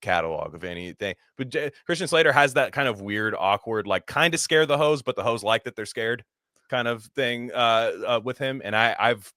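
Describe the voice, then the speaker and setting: A man's voice: medium pitch, normal speed, bright, forceful tone, no echo, clean studio sound. A man co-hosting a podcast, talking in a rambling, profane way and slipping into mocking voices. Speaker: podcast co-host. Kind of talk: casual chat.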